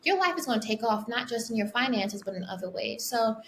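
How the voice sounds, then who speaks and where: A woman's voice: on the high side, expressive, a little fast, a little hiss or hum. A woman speaking as a podcast guest and author, earnest and reflective, talking in long flowing sentences. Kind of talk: casual interview talk.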